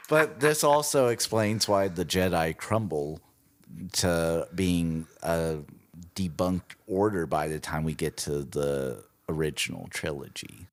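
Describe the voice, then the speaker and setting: Male podcast co-host, low voice, unhurried, wry casual chat.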